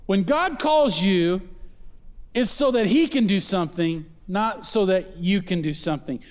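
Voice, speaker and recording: A man preaching a sermon, emphatic, darting between quick asides and slow, stressed words. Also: high-pitched, animated, long reverb tail. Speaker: pastor.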